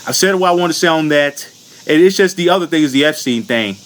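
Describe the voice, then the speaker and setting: A man's voice: a little high, expressive, fast talker, fairly bright tone. A man from the United States delivering a furious, profane political rant into the camera as a vlogger, blunt and unfiltered. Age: adult.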